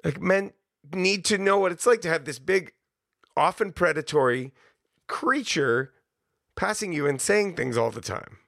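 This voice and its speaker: A man's voice: on the high side, lively intonation, moderate pace, vocal fry, a bit bright, no echo, clean studio sound. A man hosting a podcast, talking in a chatty, self-deprecating way and laughing often. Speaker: podcast host. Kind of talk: casual conversation.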